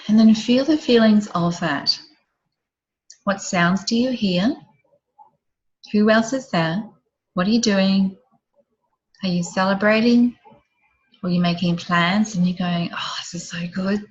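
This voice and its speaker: A woman leading an online group session, guiding listeners through a visualization with gentle questions that often drop soft and quiet. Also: mid-range voice, measured pace, pauses often, lo-fi sound. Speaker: program facilitator.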